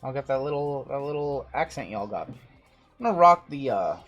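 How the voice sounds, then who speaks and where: A man's voice: medium pitch, animated, brisk, a bit bright, muffled recording, faint music behind. A man hosting a live card-break stream in a casual, chatty way. He rattles off long lists of names and teams and answers chat as he goes.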